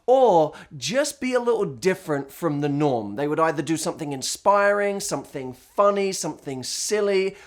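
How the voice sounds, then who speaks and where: A man hosting a scripted vlog monologue, telling a story in an animated, theatrical way. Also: fairly high pitch. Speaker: host and coach.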